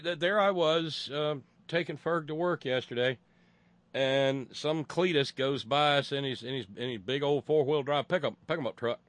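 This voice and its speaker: A man's voice: mid-range voice, no echo. Guy for sarcastic rant commentary; stumbles and restarts, dry close mic. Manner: rambling and sarcastic, many restarts. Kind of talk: casual monologue commentary.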